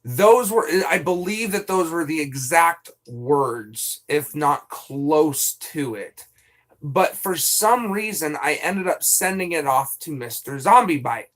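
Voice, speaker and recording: Young male streamer, high voice, profane and rambling, casual chat. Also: lively intonation, slow, fairly bright tone. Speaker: live streamer.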